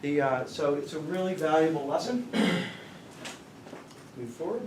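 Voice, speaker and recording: Addressing a room of students as a guest speaker, a middle-aged man who founded a company wanders through anecdotes and quizzes his listeners. He talks at a measured pace in a slightly high, darkish voice with lively intonation; the audio is roomy and distant, with a little background noise.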